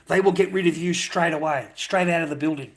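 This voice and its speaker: A middle-aged Australian man delivers a brisk ranting monologue straight to his audience, full of sarcasm, mockery and heavy swearing. His voice is slightly high with a sharp, bright edge.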